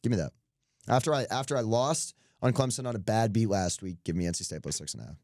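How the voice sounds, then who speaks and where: A young man with a deep, low voice talks through his weekly betting picks in a loose, joking way. He rambles, circles back, and pokes fun at himself. The sound is dry and close to the mic. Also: fast talker, darkish tone, no room sound. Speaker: podcast co-host. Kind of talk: casual sports betting chat.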